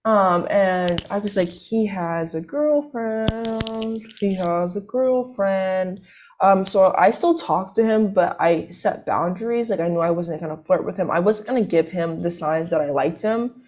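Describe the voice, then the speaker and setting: This college-aged woman speaks at a moderate pace in a fairly low, darkish voice. Chatting casually, she works through a long, meandering story packed with fillers, breaking off and starting over again and again.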